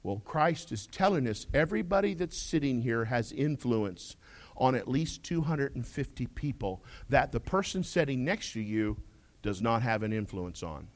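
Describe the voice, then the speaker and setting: A male pastor preaching a sermon, folksy and humorous, swinging between loud declarations and quiet asides as he questions his congregation. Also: mid-range voice, animated, normal speed.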